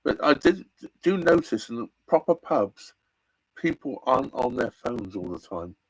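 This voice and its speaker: A man from England live-streaming from inside his narrowboat, chatting in a rambling way with restarts and lively bursts. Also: a little high, unhurried, creaky, slight background noise. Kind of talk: casual live-stream chat.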